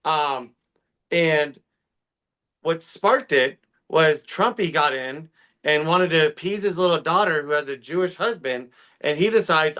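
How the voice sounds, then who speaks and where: A man rants on a podcast in a bright, tense voice that sits a little high. He talks quickly and heatedly, swearing freely as he builds his case. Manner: fast, heated ranting with profanity. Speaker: podcast co-host. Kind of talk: casual political podcast chat.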